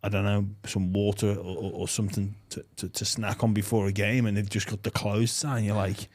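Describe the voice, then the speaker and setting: Joking, swearing Australian podcast host. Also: male voice, on the low side, flat delivery, fairly quick. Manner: loud, joking and swearing, laughs often. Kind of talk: casual chat.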